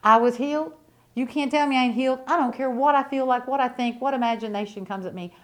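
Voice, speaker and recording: High-voiced fervent woman preacher. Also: steady tone, quick pace. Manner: fervent, repetitive, rhetorical questions; emphatic and testifying. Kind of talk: sermon.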